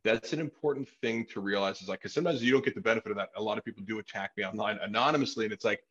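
A man with a husky, low-pitched voice talks loosely on a podcast, full of fillers and casual profanity. The audio is a bit dull and lo-fi. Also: racing, fairly bright tone. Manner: rambling, many fillers, profane. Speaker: podcast host.

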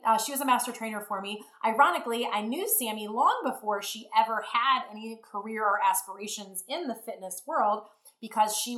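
A middle-aged woman tells a rambling story and jumps between sidebars. Her voice is bright and forward. The room around her is echoey. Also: a little high. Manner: rambling, animated, acts out quotes. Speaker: fitness business founder. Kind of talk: casual storytelling.

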